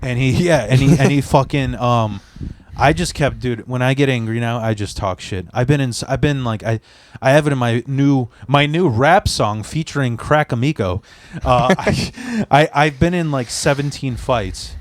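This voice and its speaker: A male podcast host from the Chicago area talks in a casual, rambling way and swears freely as he tells a story. His voice sits at an ordinary pitch for a man. The recording is dry and close. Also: moderate pace, hardly any pauses, no echo. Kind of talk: casual chat.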